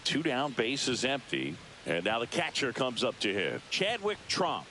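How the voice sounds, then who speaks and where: A man voicing a brisk, upbeat play-by-play announcer in a baseball video game, with a polished broadcaster delivery. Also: mid-range voice, sing-song, bright, forceful tone, slight background noise, full character voice. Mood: calling play.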